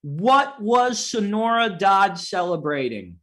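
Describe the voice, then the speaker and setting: A man's voice: high voice, sing-song, takes it slowly, a bit bright. A man hosting a casual trivia quiz, reading out questions and laughing along with the players. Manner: amused, laughs often while reading.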